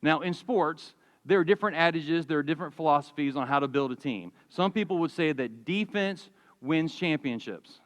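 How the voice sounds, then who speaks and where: A man in his forties preaching a sermon, telling stories in a lively, conversational way with humor. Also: fairly high pitch, normal speed, big-room sound. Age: 40s. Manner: animated storytelling, conversational with humor. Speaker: pastor. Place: church sanctuary.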